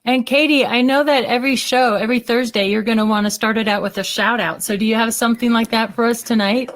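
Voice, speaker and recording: A woman's voice: on the high side, steady tone, fast. A woman hosting a radio show, talking casually and earnestly.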